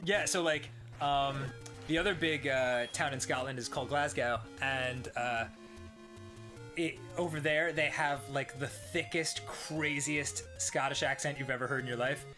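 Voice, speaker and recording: A man's voice: medium pitch, measured pace, over music. A man co-hosting a casual chat, telling stories with lots of laughter and voices. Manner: laughing, animated storytelling with impressions. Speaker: co-host.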